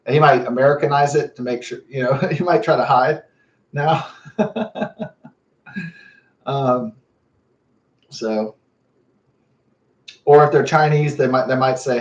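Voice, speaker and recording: A man's voice: fairly high pitch, animated, recorded from a distance. Rambling man on a roomy, muffled mic. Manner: rambling, halting, lots of fillers and restarts. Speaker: vlogger. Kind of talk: rambling casual monologue.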